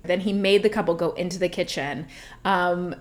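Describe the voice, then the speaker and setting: A woman co-hosting a casual podcast, retelling a news story in an animated way and laughing between sentences. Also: lowish voice, moderate pace. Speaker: podcast co-host.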